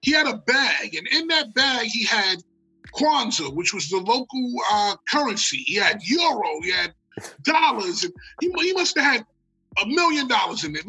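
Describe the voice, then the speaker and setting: An American man spinning a story in a bright, forceful voice with a husky edge. He talks with animation and plenty of swearing, and he acts out every quote. Faint music sits underneath. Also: extremely high pitch, low-quality recording. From United States. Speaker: guest storyteller. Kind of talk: casual storytelling.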